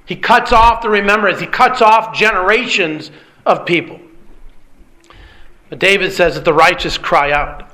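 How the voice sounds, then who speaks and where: A male pastor delivers an earnest sermon in a high, bright voice worn hoarse and strained. He leans on rhetorical questions and clears his throat often. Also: a little slow. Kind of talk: expository sermon.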